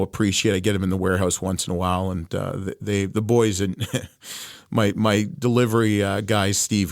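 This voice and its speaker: A man's voice: on the low side, dry recording, clean studio sound. A middle-aged man from Canada with a Canadian accent, a guest chatting casually and telling stories with restarts and asides. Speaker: guest, wine distributor. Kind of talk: casual interview chat.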